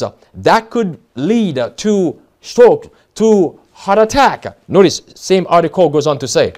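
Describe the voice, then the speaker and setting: High-voiced American man preaching. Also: a little mellow. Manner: reads passages aloud with frequent fillers and restarts, stressing key words. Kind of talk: sermon-style Bible study.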